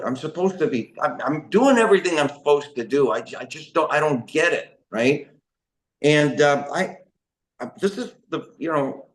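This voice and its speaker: A man speaks at a middle pitch and tells his own story of addiction and recovery. He is emotional and rambling, full of restarts and fillers. His voice carries a roomy echo. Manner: emotional, rambling, frequent restarts and "you know". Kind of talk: personal testimony talk.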